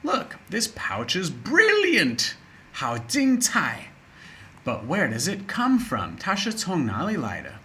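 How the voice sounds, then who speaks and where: Brief: man doing kind kangaroo mum, high bright storybook voice, animated. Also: slow pace, slight background noise, heavily acted. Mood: caring. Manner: high sing-song storybook voice. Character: kind mother kangaroo, gentle and caring.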